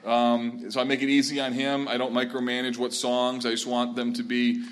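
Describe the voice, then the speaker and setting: Earnest pastor telling stories to a crowd. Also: male voice, medium pitch, moderate pace, a little hiss or hum. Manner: earnest, animated storytelling. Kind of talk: talk and Q&A for church leaders.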